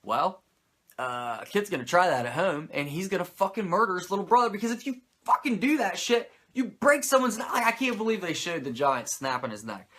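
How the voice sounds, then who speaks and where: High-pitched and animated, this man talks a little fast with a sharp edge while hosting a casual wrestling recap podcast. Expect heavy swearing, lots of "like" fillers, and incredulous ranting.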